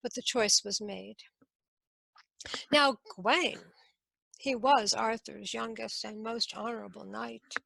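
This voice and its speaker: A woman storyteller telling a medieval tale slowly and expressively, with dramatic pauses. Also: fairly high pitch, steady tone, creaky, fairly bright tone, dry recording, low-quality recording. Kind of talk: oral storytelling.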